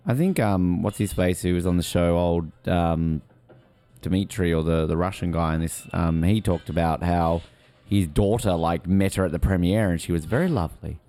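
A man's voice: low voice, normal speed, warm tone, faint music behind. A young man, co-hosting a casual movie commentary and rambling chattily with lots of ums and likes. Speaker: podcast co-host.

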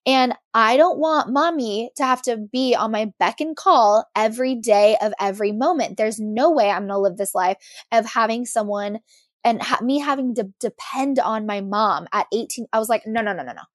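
A woman's voice: a little high, normal speed, no room sound, clean studio sound. Emotional young woman telling her story. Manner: emotional, animated retelling. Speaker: guest. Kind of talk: personal storytelling interview.

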